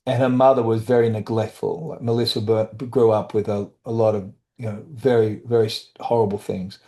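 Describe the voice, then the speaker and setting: A middle-aged man, a guest, candidly telling personal stories in conversation, halting and restarting as he goes. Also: on the low side, level tone, dark tone. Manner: halting, with restarts and brief quoted voices. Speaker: guest, author and trauma survivor.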